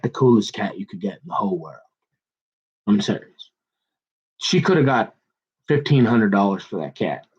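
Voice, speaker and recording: A man's voice: mid-range voice, breathy edge, muffled recording. A middle-aged man preaching, telling a digressive personal story in a chatty, joking way. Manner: digressive, chatty, self-mocking. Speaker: pastor. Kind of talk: sermon with rambling personal story.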